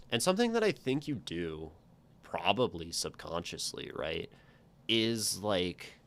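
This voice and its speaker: A man's voice: low voice, a bit bright, clean tone. A man on a casual livestream reading viewers' poems aloud and picking them apart, tapping out the meter with "ba-dum" sounds and checking in with "right?" as he thinks aloud. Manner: reads verse aloud, then taps out meter with "ba-dum" sounds. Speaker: streamer critiquing viewer poetry.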